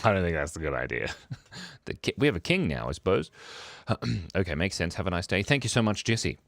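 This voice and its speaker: A middle-aged Australian man chats with his stream viewers in a hushed, jokey voice that still swings lively up and down. His tone sits low, and the sound is close and dry from a mic worn near his beard. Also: normal speed, vocal fry, dry recording. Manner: quiet, laughs often, playful. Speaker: livestream host. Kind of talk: casual chat reading viewer comments. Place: home, early morning. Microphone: microphone worn near the beard.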